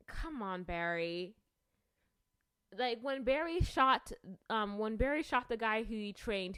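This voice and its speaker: A woman's voice: on the high side, dry recording. A young woman rambling casually through her thoughts, with lots of fillers and restarts. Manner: chatty, filler-heavy, self-conscious, restarts often. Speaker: video creator.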